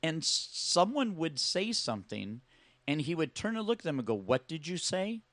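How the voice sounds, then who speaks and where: A man with a fairly high voice, animated in a casual conversation, playing out what others said. The sound is dry and close. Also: moderate pace, dry recording. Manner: animated, acts out quotes.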